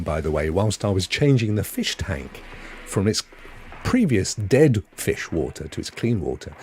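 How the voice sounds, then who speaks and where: A man's voice: mid-range voice, darkish tone. A British man hosting a casual live-stream about gaming, chatty and rambling, reading the chat aloud and laughing often. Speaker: gaming show host.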